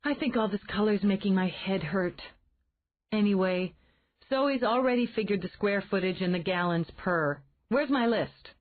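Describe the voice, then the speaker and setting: A woman voicing an outspoken, flustered young woman who talks in quick, exclamatory bursts. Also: medium pitch, natural voice. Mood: animated. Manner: exclamatory, animated. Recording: tinny phone-like band.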